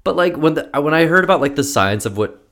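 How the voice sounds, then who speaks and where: A man's voice: fairly high pitch, animated, fast, fairly bright tone. A young man co-hosting a casual comedy podcast, wry and playful, rambling as he thinks aloud. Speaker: podcast co-host.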